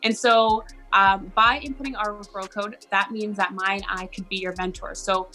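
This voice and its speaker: A woman's voice: medium pitch, fairly even intonation, normal speed, pushed and bright, soft background music. A woman mentor explaining an online teaching mock class in an upbeat, encouraging way. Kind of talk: instructional video chat.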